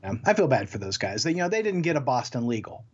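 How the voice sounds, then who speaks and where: A man's voice: mid-range voice, big pitch swings, quick pace, husky, lo-fi sound. A man co-hosting a podcast from home over a remote call, chatty and jokey, rambling with asides. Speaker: podcast co-host. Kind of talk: casual chat. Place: home in Texas.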